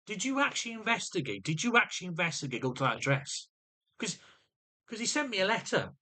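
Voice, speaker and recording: Guy ranting into his camera, bright sharp voice, keeps tripping over his words and starting again. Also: high voice, sing-song, fast. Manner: agitated, restarts and repeats words often. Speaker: vlogger. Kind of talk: venting monologue to camera.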